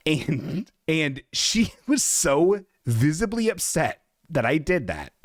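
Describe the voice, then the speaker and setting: A man's voice: on the high side, big pitch swings, slow, no echo, studio quality. A man hosting a podcast, telling a comedic story with sarcastic, self-mocking humor. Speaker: podcast host.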